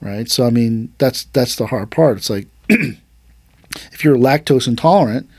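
An aikido teacher and podcast host tells a story in a casual martial arts conversation, animatedly voicing the quoted lines. He speaks a little slowly with a medium pitch and a slightly rough texture, and the clean studio sound has no echo.

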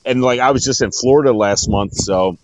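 Laid-back, swearing podcast host. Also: male voice, mid-range voice, fairly quick, lo-fi sound, slight background noise. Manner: profane, laughing storyteller. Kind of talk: casual chat.

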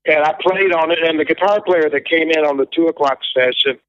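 A man tells long, rambling stories in a relaxed interview, now and then slipping into the voices of the people in them. His voice sits a little high for a man. The sound is close and dry, slightly muffled. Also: brisk, no echo. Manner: rambling anecdotal storyteller, acts out quoted voices. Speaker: guest musician. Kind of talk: casual storytelling interview.

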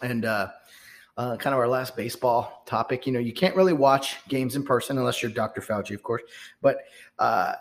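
Male podcast co-host, casual sports chat, rambles and restarts, mid pitch. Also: brisk. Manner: rambling, frequent restarts and fillers.

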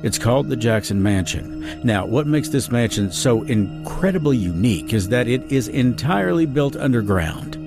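Man narrating dramatically with lively pitch. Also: creaky. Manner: dramatic storytelling with wide swings in pitch. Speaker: podcast host and audiobook narrator. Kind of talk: true-crime podcast narration.

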